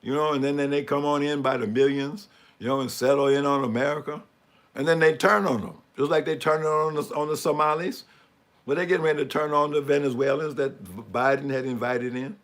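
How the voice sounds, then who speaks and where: A man's voice: a little high, steady tone, a little fast, a bit bright. A man giving sarcastic, mocking commentary on a live stream and asking for the next image as he talks through slides. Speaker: speaker commenting on news images.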